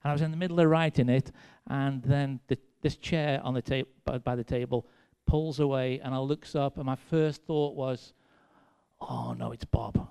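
English preacher with a smooth voice. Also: male voice, medium pitch, steady tone, normal speed, few pauses, a little mellow. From England. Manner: conversational and self-deprecating, with dry sarcasm. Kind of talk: sermon with personal stories.

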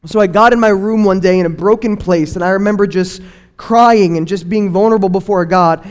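A young man giving an earnest personal faith testimony, telling his story and acting out what people said in lively bursts. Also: high voice, brisk. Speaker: testimony speaker.

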